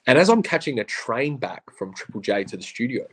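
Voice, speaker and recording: Brisk and husky at medium pitch, this Australian podcast guest swaps stories in slangy, casual conversation. He's animated and plays out other people's lines as he quotes them.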